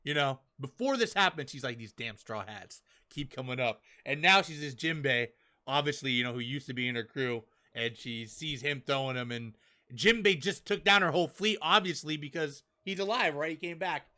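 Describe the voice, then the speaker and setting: Bright-voiced excitable young man. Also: on the high side, brisk. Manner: chatty and excitable, acts out characters' lines. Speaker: podcast host reviewing manga chapters. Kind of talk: casual chat.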